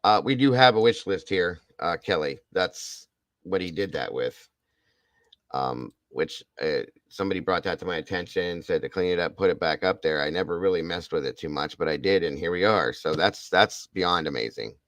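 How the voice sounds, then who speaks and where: A man's voice: low voice, normal speed, a bit bright, no echo. A man hosting a livestream in casual chat, emotionally and effusively thanking his viewers and repeating his praise. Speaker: livestream host.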